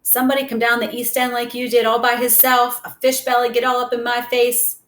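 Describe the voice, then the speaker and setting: A woman's voice: a little high, monotone, fairly quick, a bit bright, voice pushed up, close to an everyday voice. A woman voicing a tough, streetwise boy who talks in boastful slang. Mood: brash. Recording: roomy echo.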